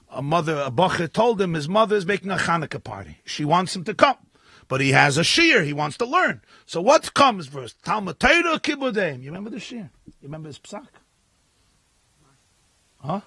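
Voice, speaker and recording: Animated, bright-voiced rabbi preaching. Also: male voice, sits high, breathy edge, dry recording. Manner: animated storytelling, acting out voices, rising to shouts. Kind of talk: lively sermon at a live gathering. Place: live event with an audience.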